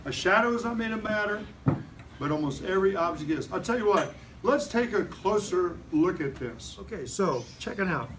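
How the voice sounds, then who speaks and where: Visiting a first grade class, this science teacher leads playful, coaxing call-and-response chants in a high, expressive voice at normal speed. The school classroom is noisy, and the mic sits far away.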